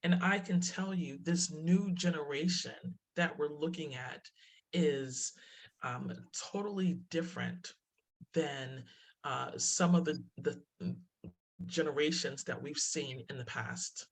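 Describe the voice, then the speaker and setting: A woman's voice: low voice, slow. A woman speaking as a diversity presenter in a webinar talk, telling stories, laughing often and restarting her phrases.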